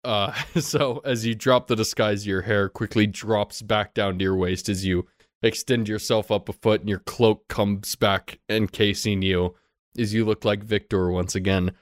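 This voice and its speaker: A man with a lowish voice narrates a tabletop game as dungeon master. His descriptions run loose and casual, full of "kind of", and the sound is dry and close. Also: fairly even intonation, measured pace, no room sound.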